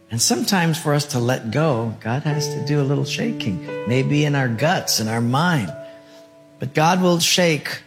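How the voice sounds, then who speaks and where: A male pastor preaching a sermon, telling a story in a lively way. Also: mid-range voice. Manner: lively, acts out dialogue. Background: guitar music.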